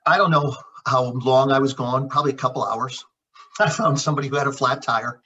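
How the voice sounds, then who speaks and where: A man's voice: mid-range voice, fairly even intonation, fairly quick, sharp tone, breathy edge. A middle-aged man, a chiropractor guest, telling a story in conversation and acting out the dialogue with frequent repeats. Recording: dull lo-fi audio.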